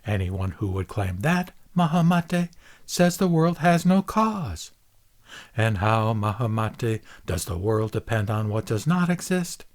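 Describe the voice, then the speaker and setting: A man reading a Buddhist scripture aloud in a measured, solemn recitation. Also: on the low side, very animated. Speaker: reader.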